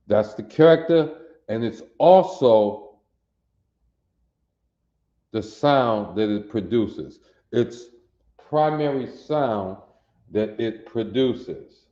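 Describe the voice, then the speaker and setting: A man teaching a language class, sounding out letters and repeating them slowly for students to copy. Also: fairly low pitch, a little mellow. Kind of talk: classroom lesson, drilling sounds. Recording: roomy, dull lo-fi recording.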